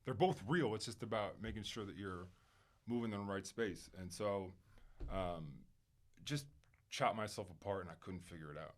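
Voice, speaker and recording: Emphatic, candid man, fairly low voice. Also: normal speed. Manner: emphatic, swings from loud and animated to quiet and reflective; swears casually, lots of fillers. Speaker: podcast guest, physician. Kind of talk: candid conversational interview.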